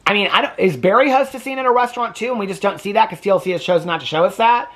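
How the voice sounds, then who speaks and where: A man hosts a reality TV reaction video, ranting indignantly and swearing freely as he comments casually. He talks very fast in a high, fairly bright voice.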